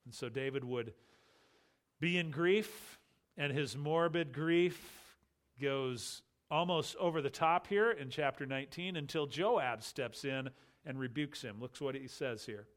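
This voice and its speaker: A man teaching from the Bible, reading scripture aloud and commenting on it in a measured, grave way that slows and softens on sorrowful passages. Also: medium pitch.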